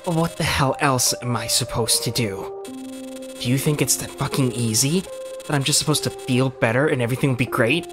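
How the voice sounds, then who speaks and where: A man reading as a worn-down, self-loathing game character who sounds weary and bitter. He speaks at a slow, heavy pace, and game music plays behind him. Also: lowish voice, steady tone, vocal fry. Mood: furious. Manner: bitter, weary, bursts into swearing. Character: despairing, self-loathing trapped young character. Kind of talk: reading game dialogue aloud.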